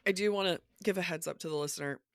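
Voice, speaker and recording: A woman co-hosting a book podcast in casual chat, her voice raspy from just waking, animatedly quoting passages and thinking aloud. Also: on the low side, very fast, no room sound, studio quality. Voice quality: raspy morning voice. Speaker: podcast co-host. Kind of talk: casual literary discussion.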